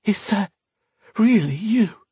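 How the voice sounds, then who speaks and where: A man voicing a frail, injured and frightened man with a weak, raspy voice in a storybook. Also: sits high, sing-song, extremely slow, dry recording, voice pushed up, full character voice. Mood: stunned.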